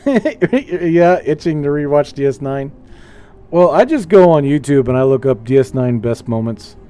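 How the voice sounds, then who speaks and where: A man chatting casually while streaming a space game, rambling and animated as he tells stories. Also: on the high side, measured pace. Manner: rambling, animated storytelling with playful put-on voices. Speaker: gaming streamer. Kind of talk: casual gameplay chat.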